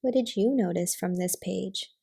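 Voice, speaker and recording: A young woman reading a picture book aloud to small children, gently naming the pictures and asking questions. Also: mid-range voice, moderate pace, vocal fry, slightly rough. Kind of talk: storybook reading to toddlers.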